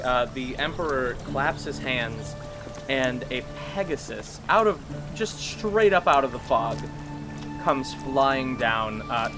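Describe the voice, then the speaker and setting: Man game master, casual, mid-pitched, laughs often; music bed underneath. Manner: casual, laughing, voices his characters. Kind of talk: narrating a tabletop game.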